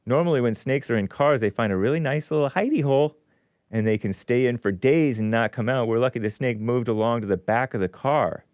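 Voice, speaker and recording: A host with a mid-range voice reads a news story aloud on his show at a slightly fast clip, with no room sound. He interrupts himself with sarcastic asides, and his pitch rises and falls animatedly.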